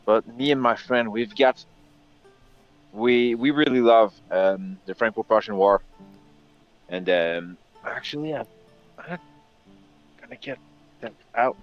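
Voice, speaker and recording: A man's voice: medium pitch, takes it slowly, long pauses. A young man with a French-Canadian accent, a guest on a live stream, chatting casually with many ums and restarts. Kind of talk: casual chat. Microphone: home computer mic on a live stream call. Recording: dull lo-fi mic with music behind.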